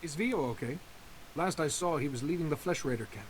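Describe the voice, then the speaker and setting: An actor voicing a polite young Jedi hero in a video game, measured and courteous. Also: male voice, on the high side, expressive, slight background noise, natural voice.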